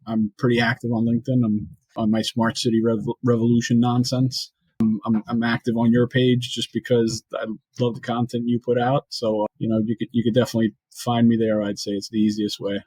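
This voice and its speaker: A man's voice: mid-range voice, flat delivery, brisk, darkish tone, husky, dry recording, rough recording. A man with a New York accent, a guest on an interview podcast, talking casually and often checking in with "right?". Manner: chatty, often ends points with "right?". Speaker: podcast guest, industry executive.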